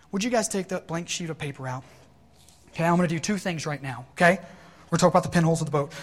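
A man preaching a sermon to his congregation, animated and acting out worried inner voices. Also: fairly high pitch, in a large hall. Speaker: pastor.

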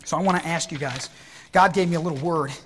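A man preaching a sermon to his congregation, animated and acting out worried inner voices. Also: fairly high pitch, quick pace, big-room sound, slight background noise. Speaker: pastor.

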